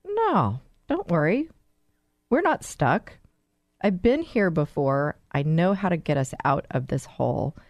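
A woman voicing a calm, confident coach who speaks in a steady, reassuring way in a story. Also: deep voice, normal speed, hardly any pauses, dry recording, lo-fi sound.

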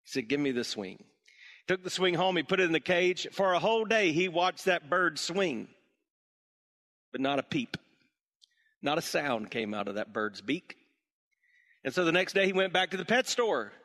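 A senior pastor preaching a sermon to his congregation, telling a joke story in an animated way. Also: sits high, normal speed, long pauses, long reverb tail. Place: church sanctuary.

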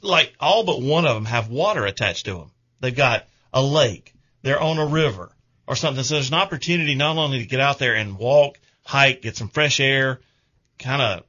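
A man's voice: medium pitch, bright, forceful tone, lo-fi sound. A middle-aged man, hosting a radio show in casual, rambling chat.

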